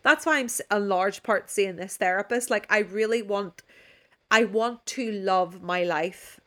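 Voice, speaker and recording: A woman's voice: mid-range voice, measured pace, fairly bright tone. A woman in her thirties from Ireland, co-hosting a podcast in a candid, rambling chat and swearing freely over a video call. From Northern Ireland. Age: 30s. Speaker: podcast co-host. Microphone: remote video call.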